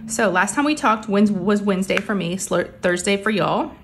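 A woman's voice: medium pitch, lively intonation, normal speed, over music. A middle-aged woman, chatting casually while crafting in her craft room, a little out of breath and under the weather, rambling with many fillers. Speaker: crafting vlogger. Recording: faint background hum of printers.

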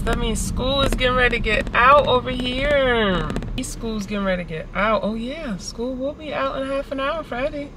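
A woman's voice: a little high, normal speed, heavy background noise. A woman vlogging while she drives, telling stories in a chatty way and calling her viewers y'all. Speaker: family vlogger. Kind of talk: casual chat to camera. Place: in a car on city streets.

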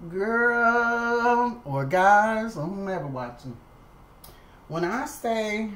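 A woman's voice: medium pitch, animated, drawn-out words, fairly bright tone, poor audio. A woman vlogger telling a casual story at home to the camera, chatty and repetitive, talking straight to her viewers. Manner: chatty, repeats herself, addresses viewers as y'all.

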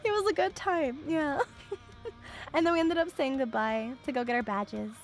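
A young woman streamer casually telling a story, chatty and animated, with lots of filler words and frequent laughs. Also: high voice, moderate pace, faint music behind.

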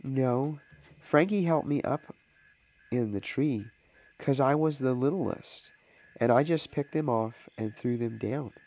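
A man's voice: mid-range voice, takes it slowly, darkish tone, pitched above the performer's own voice, rough recording. A man voicing a small guilty boy who stammers and pleads to defend himself. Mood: pleading. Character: small guilty boy caught with stolen apples.

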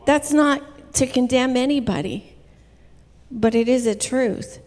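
A woman preaching a sermon in a church, telling her story in an earnest, measured way. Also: high-pitched, darkish tone. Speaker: guest preacher. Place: church sanctuary. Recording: reverberant church hall.

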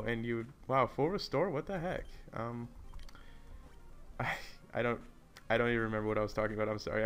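A man's voice: medium pitch, creaky, fairly bright tone. A man casually commentating a video game, rambling and easily distracted, keeping his voice down in an echoey hotel room. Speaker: gameplay commentator. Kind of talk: casual let's play commentary.

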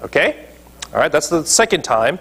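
Male pastor mid-sermon, emphatic, keeps checking in with the congregation; husky tone. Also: a little high, big pitch swings, normal speed, a bit bright. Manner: emphatic preaching, checks in with listeners. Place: church.

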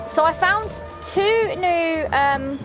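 Female gamer, casual commentary; high, very lively, gasping and chatting to the characters, game music underneath. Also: very slow. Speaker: gaming video host. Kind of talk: casual let's-play commentary.

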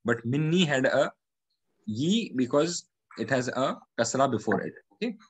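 Husky man teaching Quranic Arabic grammar. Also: mid-range voice, lively intonation, normal speed, no room sound, rough recording. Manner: methodical, repeats each word and its meaning.

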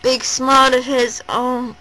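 A woman vlogging at home, gushing and rambling in a breathless, excited rush. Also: high-pitched, a little slow, rough recording. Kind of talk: excited personal vlog. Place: at home indoors.

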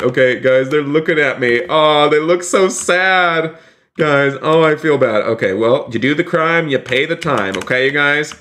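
A man's voice: fairly high pitch, unhurried, a bit bright. Upbeat man live-streaming a game. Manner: upbeat, keeps addressing the chat as "you guys"; plays a polite, formal police officer. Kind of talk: live game-stream commentary with role-play.

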